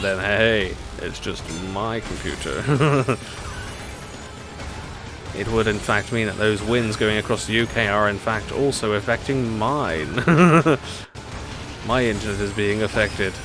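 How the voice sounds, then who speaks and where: A man rambles through a live racing-game stream, laughing at his own jokes as he goes. His voice sits a little low, and game music plays clearly behind him from his home setup. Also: slow pace. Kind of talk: live gameplay chat.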